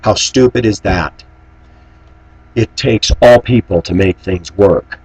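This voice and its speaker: Middle-aged male vlogger, deep husky voice, preachy and indignant. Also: takes it slowly, a little mellow, low-quality recording. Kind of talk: personal commentary monologue.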